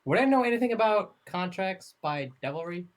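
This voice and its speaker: A man's voice: high voice, expressive, fairly quick. A man playing a tabletop game, skeptical and teasing in casual chat. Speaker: player.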